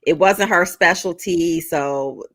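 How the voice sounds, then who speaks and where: A woman co-hosting a casual morning talk show, explaining things in a measured way. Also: lowish voice. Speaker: co-host.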